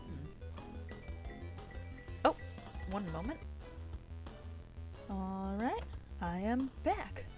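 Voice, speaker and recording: Very animated yet very slow, with long pauses, a woman's medium-pitched voice rides over music. She's a let's player casually commenting on her game, reading its text out loud, rambling and teasing herself in a playful way.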